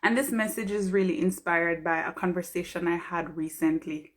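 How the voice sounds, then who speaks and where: A woman's voice: on the low side, fairly even intonation, moderate pace. A woman from Jamaica, a pharmacist giving an earnest, heartfelt motivational talk on a live stream.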